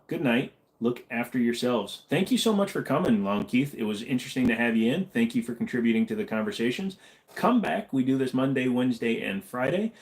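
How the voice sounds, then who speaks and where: A man's voice: mid-range voice, a little mellow. A man hosting a loose late-night livestream Q&A, rambling from topic to topic. He cracks jokes and reads out viewers' messages in an easy, casual way. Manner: rambling, joking, reads chat messages aloud. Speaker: livestream host.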